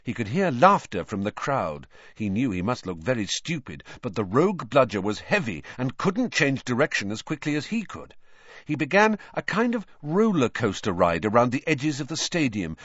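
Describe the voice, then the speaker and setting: A man narrating a children's fantasy novel in a dramatic, lively reading. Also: mid-range voice, no room sound, muffled recording. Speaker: audiobook reader. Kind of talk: storybook narration.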